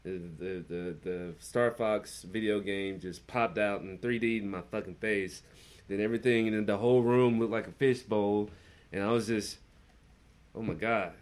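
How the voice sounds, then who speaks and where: A young man on a podcast telling rowdy stories in a casual chat, acting out the people in them. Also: normal speed. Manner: animated storyteller, jumps into high voices when quoting people. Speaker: podcast host.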